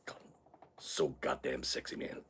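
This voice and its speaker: A man's voice: a little slow, a bit bright, a little hiss or hum, lightly acted. A man playing a crude, boastful character on a live stream, talking rowdily and sounding tipsy from shots. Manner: crude, rowdy, swaggering banter. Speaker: livestream host.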